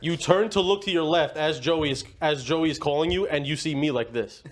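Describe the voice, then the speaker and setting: Man, slightly higher voice, casual podcast storytelling, rambling, quotes people a lot. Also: a little fast. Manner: rambling, animated anecdote with quoted dialogue. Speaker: podcast host.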